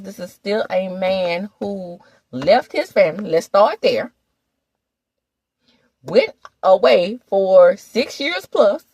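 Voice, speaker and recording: High-voiced woman, sassy gossip recap, lively swoops, dry close mic. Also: no echo. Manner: sassy, animated, talks straight to viewers. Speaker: gossip commentator. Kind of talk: casual reality TV recap.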